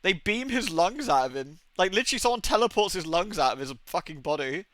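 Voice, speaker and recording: A young man talks on a livestream in a loose, rambling way, full of swearing and laughter. His voice sounds bright and forceful and sits a bit high for a man. The sound is dry, with little room sound. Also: sing-song, a little fast, dry recording. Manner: chatty, swears often, laughs a lot. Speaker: streamer. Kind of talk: casual livestream chat.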